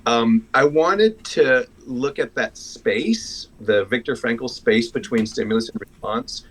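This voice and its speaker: A man opening up to a community group, frank and self-deprecating. He talks in a halting, searching way, starting over as he finds his words. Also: medium pitch, fairly bright tone, breathy edge, low-quality recording. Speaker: congregation member sharing a story. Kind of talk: personal sharing in a group.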